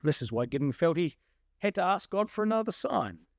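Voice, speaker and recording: A male preacher giving a sermon, animated and full of rhetorical questions. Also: high-pitched, a little fast, vocal fry, dry recording, clean studio sound.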